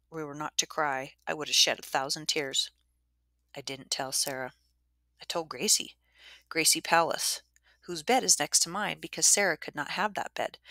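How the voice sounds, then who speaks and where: A woman narrating a storybook in the first person, gentle and measured, whispering the soft sound words. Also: low voice, no echo. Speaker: audiobook narrator.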